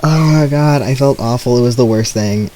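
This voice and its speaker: A man's voice: medium pitch, moderate pace, warm tone, a little hiss or hum, poor audio. A young man streaming a video game, chatting casually and rambling through sheepish stories with nervous laughs. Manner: rambling, self-deprecating storytelling with nervous laughs. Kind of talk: casual gameplay commentary.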